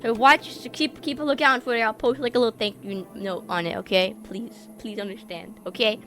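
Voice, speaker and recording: A woman's voice: a little high, steady tone, brisk, fairly bright tone. A young woman from the United States, a VTuber streamer, chatting casually in a rambling, profane way and laughing often. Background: background music.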